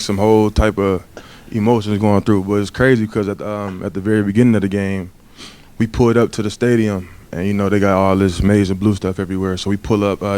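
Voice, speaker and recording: A man in his twenties, a former college football player on a panel, recalling a game in a relaxed, laid-back way. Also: fairly low pitch, smooth. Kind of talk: casual storytelling.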